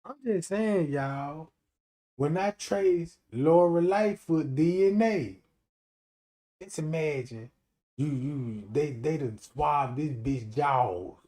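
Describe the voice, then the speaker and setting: A man streaming a profane comedic rant, swinging from shouting to muttering. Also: fairly high pitch, slow pace.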